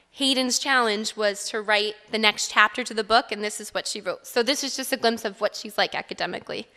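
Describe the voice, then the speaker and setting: A woman's voice: a little high, sharp tone. A woman teacher speaking at a school board meeting, praising a student and reading her story aloud. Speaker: third grade teacher. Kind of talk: speech at an award ceremony. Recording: reverberant hall.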